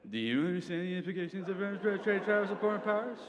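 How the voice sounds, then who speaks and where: A man's voice: high voice, very fast, a crowd in the background, pitched above the performer's own voice, lightly acted. A man voicing a dim-witted president who parrots the question in a dumb voice. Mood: dopey. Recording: reverberant hall, faint background noise.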